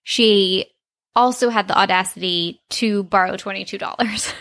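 A woman's voice: medium pitch, steady tone, moderate pace, a bit bright, no echo, studio quality. A woman co-hosting a podcast, chatting playfully about a cartoon episode and laughing easily. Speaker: podcast co-host.

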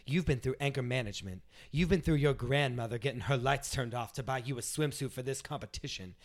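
A man's voice: mid-range voice, a little fast, lightly acted. A man playing a female TV host who scolds a contestant in an impassioned monologue. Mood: stern.

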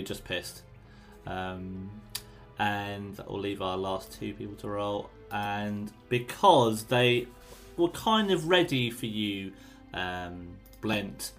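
A man, narrating a tabletop game as game master in an unhurried, descriptive and encouraging way. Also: fairly low pitch.

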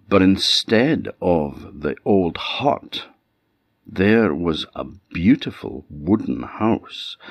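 A man with an Orkney accent from Scotland telling a folktale in a lively, animated oral style. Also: deep voice, no echo. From Orkney Islands, Scotland. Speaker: storyteller. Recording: dull lo-fi sound.

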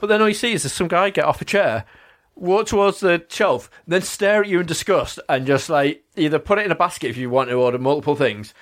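Young male co-host, quick and animated, good at doing the voices in his anecdotes. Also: a little high. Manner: animated storytelling, jumping into quoted voices. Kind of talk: casual chat.

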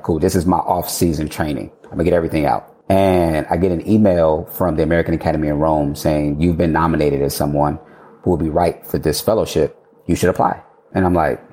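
A man with a low, dark, mellow voice recounting his career as a guest in a relaxed interview. He slips into his past self's words as he goes, laughs often and doesn't hold back the swearing. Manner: animated, quotes himself, swears and laughs freely. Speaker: architect guest. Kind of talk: casual storytelling interview.

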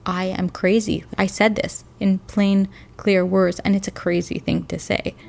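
A woman candidly recounting hard personal experiences, emotional and halting at times. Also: medium pitch, flat delivery, creaky, a little mellow, soft background music. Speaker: interviewee. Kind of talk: personal testimony.

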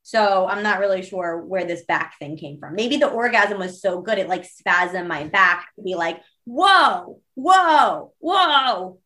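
A woman's voice: fairly low pitch, moderate pace, few pauses, sharp tone. A young woman guest on a podcast, telling candid stories casually with many fillers and acted-out quotes.

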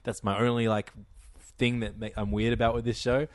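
A man co-hosting a podcast, chatting in a relaxed, hesitant way. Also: mid-range voice, a little fast, dry recording. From Australia. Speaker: podcast co-host. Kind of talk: casual chat.

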